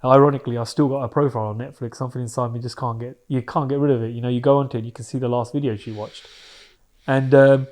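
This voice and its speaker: A man's voice: medium pitch, steady tone, fast, a little mellow. A man, a podcast guest telling an emotional personal story in a candid, slangy way with some swearing.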